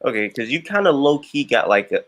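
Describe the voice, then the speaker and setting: A young man from Florida hosting a podcast interview, chatty and slangy, with quick bursts and lots of filler. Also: mid-range voice, very animated. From Jacksonville, Florida. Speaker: podcast host. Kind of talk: casual interview chat.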